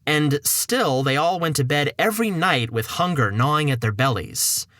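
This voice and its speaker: A man's voice: on the high side, lively intonation, normal speed, fairly bright tone, no room sound. A man narrating a fairy tale in a chatty, playful way for a storybook podcast.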